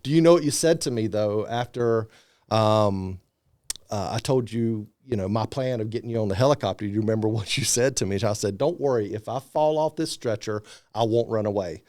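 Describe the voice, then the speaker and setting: Smooth-voiced man telling his story. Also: on the low side, fairly quick, dry recording. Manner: animated storyteller, acts out quoted voices. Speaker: podcast guest, motivational speaker. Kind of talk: casual storytelling interview.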